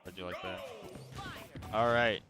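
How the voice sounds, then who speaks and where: A young man commentating an esports match, giving eager, quick analysis of the plays. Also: mid-range voice, wildly swooping pitch, bright, forceful tone, faint music behind. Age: young adult. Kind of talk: casual play-by-play commentary.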